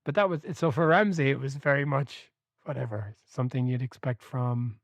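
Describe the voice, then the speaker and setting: A man hosting a casual book chat, telling stories with lively energy and an easy laugh. His voice sits in an ordinary middle range. The sound is close and dry, with no room around it. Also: mid-range voice, normal speed, no room sound. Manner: animated storyteller, laughs and swears freely. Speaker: book club podcast host.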